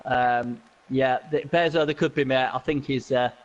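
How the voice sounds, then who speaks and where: A man commentating a video game match casually, excitable and laughing often, with many restarts and repeats. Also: mid-range voice, normal speed, lo-fi sound.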